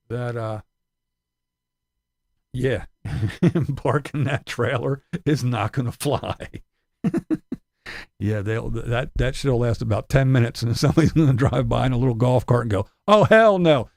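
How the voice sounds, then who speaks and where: A man's voice: medium pitch, a little slow, long pauses, darkish tone, no room sound. A man ranting in profane, sarcastic commentary, laughing between his jabs. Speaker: commentary channel host.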